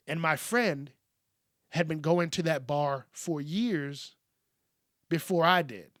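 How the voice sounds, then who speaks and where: A man's voice: on the high side, moderate pace, fairly bright tone, dry recording, clean studio sound. A man hosting a podcast, telling a story in a blunt, profane, rambling way. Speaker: podcast host. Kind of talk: casual storytelling monologue.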